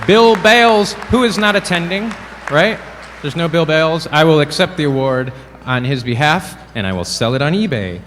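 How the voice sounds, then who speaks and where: A man presenting awards at a ceremony, cracking playful deadpan jokes. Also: on the high side, normal speed, faint music behind, a faint crowd. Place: event hall. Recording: reverberant hall, faint room noise.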